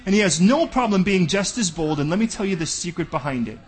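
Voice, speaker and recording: A man's voice: sits high, expressive, fast. A man preaching a sermon as pastor, bold and direct, often acting out back-and-forth dialogues.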